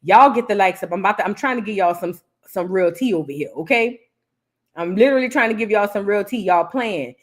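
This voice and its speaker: A woman's voice: mid-range voice, expressive, brisk. A woman who hosts a celebrity gossip reaction show and talks straight to her viewers in a chatty, casual way. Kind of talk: casual commentary.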